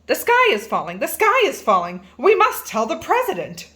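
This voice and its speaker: Woman voicing a storybook hen, shrill, frantic, clucking alarm, bright high voice. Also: wildly swooping pitch, normal speed, exaggerated voice. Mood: panicked. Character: panicky dim-witted hen, female, shrill and frantic.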